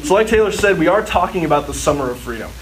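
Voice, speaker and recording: A youth speaker from Southern California preaches to a live church audience, telling a personal story chattily, saying "like" constantly and acting out bits of his child self. His voice is fairly high, animated, and fast, and audience noise fills the hall around him.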